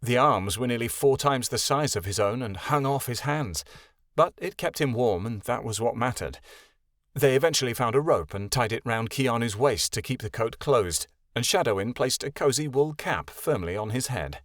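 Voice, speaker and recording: A male narrator reads a fantasy audiobook with expressive storytelling. His middle-pitched voice moves in a lively way, and the recording is dry and close. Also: normal speed, no echo. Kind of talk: scripted narration.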